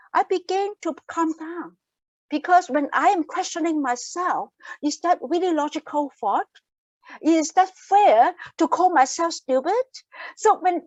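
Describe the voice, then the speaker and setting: A woman with a high voice presents a wellness workshop over a video call, earnest and explanatory. She restates her key phrases to drive them home. The laptop audio is dull and dry. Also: no room sound. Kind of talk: online wellness workshop talk. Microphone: laptop mic on a video call.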